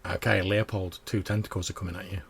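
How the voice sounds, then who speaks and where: A man's voice: low voice, little pitch movement, fast, gravelly, noisy background. A man running a tabletop game as game master, narrating loosely with many fillers.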